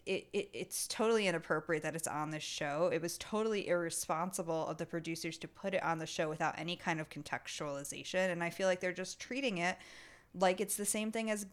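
A woman co-hosting a casual podcast, ranting in a heated, animated way. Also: lowish voice, a little fast. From Italian heritage. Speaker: podcast co-host.

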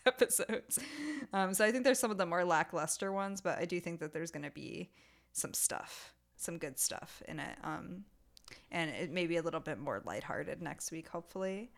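A woman co-hosting a casual podcast, ranting in a heated, animated way. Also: on the low side, normal speed, creaky. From Italian heritage. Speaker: podcast co-host.

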